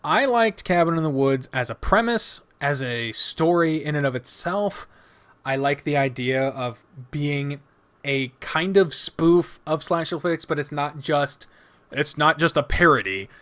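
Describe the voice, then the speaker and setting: Male podcast co-host, slightly high voice, emphatic and profane, casual rants. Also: animated, measured pace, fairly bright tone. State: tired.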